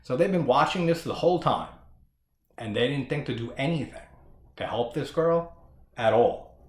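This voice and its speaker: A man's voice: medium pitch, moderate pace. Guy ranting about a slasher movie, swears a lot, laughs, voice jumps all over, echoey room. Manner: animated, profane, laughs often. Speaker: horror podcast host. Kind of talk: casual film discussion. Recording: roomy echo.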